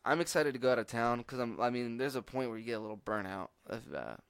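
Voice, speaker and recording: A man's voice: medium pitch, animated, fast talker, gravelly, clean tone, no echo. Brief: young man, casual swearing storyteller, dry close sound. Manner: rambling, swears a lot, laughs through stories. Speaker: podcast co-host.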